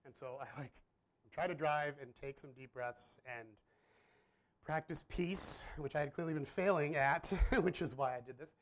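A man's voice: a little high, normal speed, fairly bright tone. A man in his thirties, a pastor, telling a personal story in a candid, self-deprecating, rambling way with frequent laughs. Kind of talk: casual storytelling.

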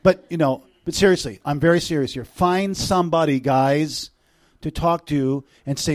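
Preaching as a guest at a church, a middle-aged man alternates between loud outbursts and quiet, intimate moments, tossing in jokes along the way. He speaks at a moderate pace in a fairly high voice, and his delivery is animated.

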